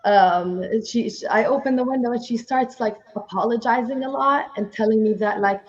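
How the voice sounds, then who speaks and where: A woman with a foreign accent chats on a podcast, telling a story with frequent laughs. Her voice sits a little high, and the recording sounds slightly dull. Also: normal speed. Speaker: podcast co-host. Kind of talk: casual chat.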